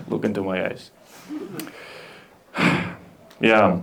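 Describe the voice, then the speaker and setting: A young man from Belarus with a Belarusian accent, doing a halting, deadpan stand-up set at a comedy club. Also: fairly low pitch, gravelly, heavy background noise. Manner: deadpan, halting, with restarts and self-deprecating asides. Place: comedy club stage with a laughing audience. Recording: live club audience laughter.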